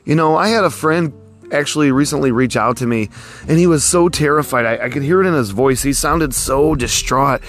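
A man's voice: mid-range voice, a little fast, fairly bright tone, faint music behind. A man in his forties hosting a podcast outdoors, talking in a rambling, folksy way full of "you know" fillers. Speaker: podcast host. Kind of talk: casual podcast monologue. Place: outdoors near a road.

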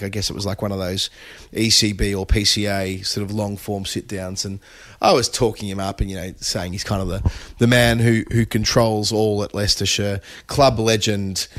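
A man's voice: lowish voice, no echo, studio quality. A man co-hosting a podcast, telling a rambling, self-amused story in casual chat. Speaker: podcast co-host.

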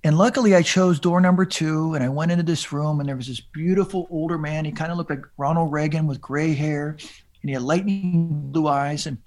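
Guy on a podcast telling his story, slightly high voice, stumbles and restarts a lot. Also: steady tone, brisk, a little mellow, faint music behind. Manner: rambling, many restarts and repeated words. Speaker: podcast guest. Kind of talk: storytelling in casual chat.

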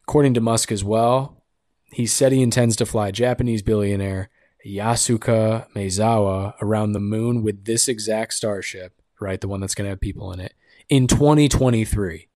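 A man's voice: lowish voice, steady tone, normal speed, warm tone, dry recording, clean studio sound. A young man hosting a podcast, riffing on the news in a sarcastic, rambling, jokey way. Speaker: podcast host. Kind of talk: casual comedic podcast monologue.

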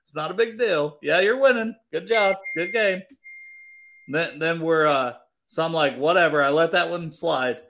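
A man telling a sports story in casual chat, animated and profane, laughing as he goes. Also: fairly high pitch, measured pace, vocal fry. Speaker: teacher.

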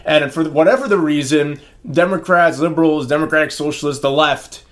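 A man co-hosting a political talk podcast, making opinionated points in a deliberate, lecturing way. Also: on the high side, fairly even intonation, a bit bright. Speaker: podcast co-host.

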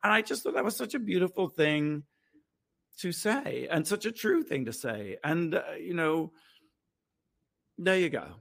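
A man's voice: a little high, sing-song, a little slow, gravelly, long pauses, a bit bright. A man co-hosting a podcast, talking about a film in a reflective, earnest way. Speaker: podcast co-host. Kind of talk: casual chat, film review.

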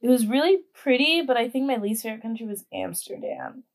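A woman's voice: fairly high pitch, lively intonation, fairly quick, creaky, slight background noise. Chatty young woman, lots of fillers. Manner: chatty, many fillers and giggles. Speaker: podcast guest. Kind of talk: casual chat.

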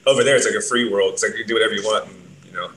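This bassist tells rambling road stories in a laid-back, loose way, swearing heavily as he goes. His voice is lowish, steady and a bit bright, and he talks very fast. The room is echoey with faint noise.

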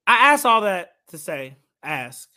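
High, bright chatty male podcast host. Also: unhurried. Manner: chatty, teasing, animated. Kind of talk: casual podcast chat.

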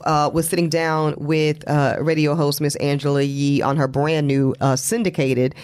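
A man co-hosting a podcast, talking through celebrity news in casual chat, animated and quick with asides and laughter. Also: smooth. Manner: animated, pitch jumping high for emphasis, quick asides and laughs. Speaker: podcast co-host. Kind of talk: casual pop-culture chat.

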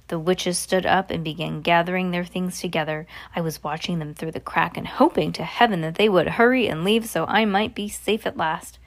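A woman's voice: on the low side, moderate pace, few pauses. A woman reading a children's book aloud in a casual way, with small slips and giggles along the way.

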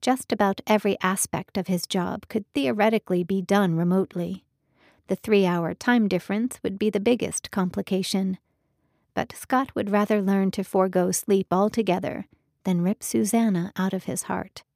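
A woman narrating a romance novel in a calm, measured audiobook reading. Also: mid-range voice, creaky, no echo, clean studio sound. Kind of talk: scripted narration.

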